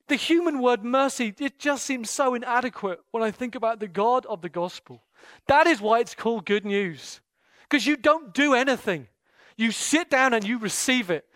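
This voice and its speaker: A man preaching an impassioned sermon and leading prayer in a church, his delivery swinging between hushed intensity and loud, fervent bursts. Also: very high-pitched, lively intonation, moderate pace, dry recording, clean studio sound. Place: church meeting room.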